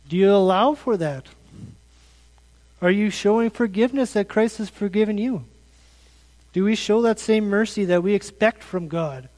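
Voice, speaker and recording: A man in his thirties gives an earnest sermon with a fairly high voice. He keeps asking his listeners direct questions. His words ring out in a hall with a long echo. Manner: questioning, earnest, conversational preaching. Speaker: pastor.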